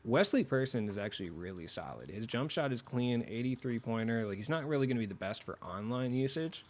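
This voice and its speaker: A man's voice: medium pitch, lively intonation, fairly quick. A young man hosting a gaming video, talking loosely and casually with asides and fillers. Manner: joking opener in a mock radio voice, then loose rambling talk. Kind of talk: casual commentary.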